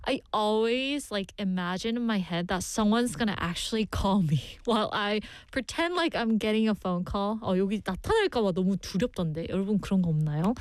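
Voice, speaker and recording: A woman's voice: mid-range voice, expressive, very fast, hardly any pauses, smooth, no echo. A woman hosting a radio show, reading listener messages in a playful, giggly way and switching languages mid-sentence.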